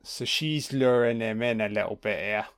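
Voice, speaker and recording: A man's voice: on the low side, moderate pace. A man giving casual, sweary commentary on a film, talking back to the characters on screen. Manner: sweary, mocking asides to the screen.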